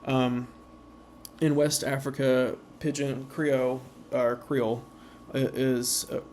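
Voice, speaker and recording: A man talks through a slideshow in a level, flat voice, stopping often on uh and um. He slows down to spell out the sounds of example words. A faint hiss of background noise sits under the recording. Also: mid-range voice. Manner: halting, many uh and um fillers. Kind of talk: informal slideshow presentation.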